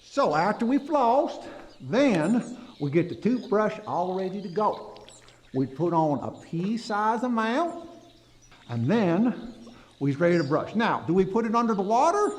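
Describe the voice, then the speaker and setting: A man playing a goofy, folksy backwoods storyteller with a drawl, telling tall tales to children. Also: high-pitched. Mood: folksy teaching. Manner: drawling, folksy, animated, talks to kids. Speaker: kids' dental educator.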